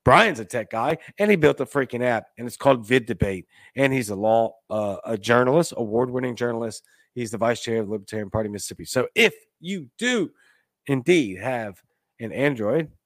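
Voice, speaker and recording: A man hosts a casual livestream chat in a loose, rambling way, swinging between loud bursts and muttered asides. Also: mid-range voice, no echo. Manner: loose and rambling, with swerves in loudness and pace. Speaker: host.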